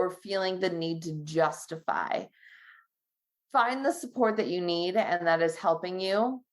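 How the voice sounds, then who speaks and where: Woman, podcast guest and trainer; earnest and encouraging, lower register. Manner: earnest, encouraging, blunt at times. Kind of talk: casual podcast conversation.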